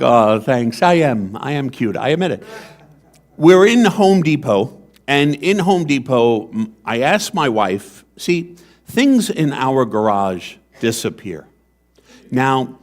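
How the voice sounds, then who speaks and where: A man preaching in a church, first reading scripture aloud, then telling humorous, self-deprecating everyday stories. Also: medium pitch.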